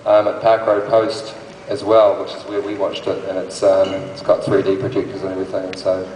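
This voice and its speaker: A man's voice: low voice, completely flat delivery, moderate pace, a little mellow. A male actor on a convention panel, chatting and laughing as he explains to the audience. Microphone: phone recording from the audience. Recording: echoey hall from far off, faint noise.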